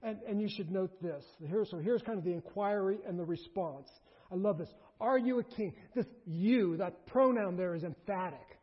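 A man preaching a sermon in an animated way, surging to emphatic bursts and dropping low, recorded in a large hall. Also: normal speed, slightly rough. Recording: dull lo-fi recording in a reverberant hall.

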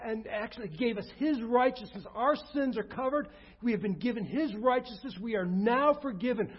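A man preaching a sermon as pastor, earnest, often dropping to a soft low voice. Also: breathy edge, highs cut off.

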